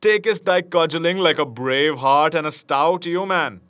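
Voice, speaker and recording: Man reading as a roaring tall stranger: loud, boisterous, bright, old-fashioned speech. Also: on the high side, normal speed, pitched above the performer's own voice, lightly acted. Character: burly laughing male stranger with a staff.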